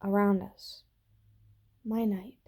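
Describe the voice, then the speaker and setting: A woman reading the part of a frightened, tearful young woman who speaks in tiny, halting whispers. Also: mid-range voice, level tone, gravelly, warm tone, slightly rough, exaggerated voice.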